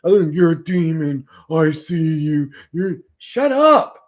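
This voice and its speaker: A man with a somewhat high, husky voice rants casually to a live chat. He swears freely, mocks, and laughs often. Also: fairly even intonation, unhurried, warm tone. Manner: profane, mocking, laughs often. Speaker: livestream host reading chat.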